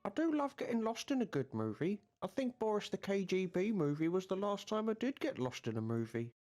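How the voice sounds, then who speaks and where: A man's voice: high voice, big pitch swings, brisk, a little mellow. Game role: a man playing a prim recluse still ruled by Mother, wistful and formal, over faint music.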